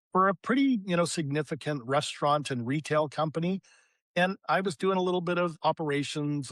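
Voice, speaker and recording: A middle-aged man with a Canadian accent, a podcast guest telling his life story in an animated, storytelling way. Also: on the high side, dry recording. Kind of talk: storytelling interview.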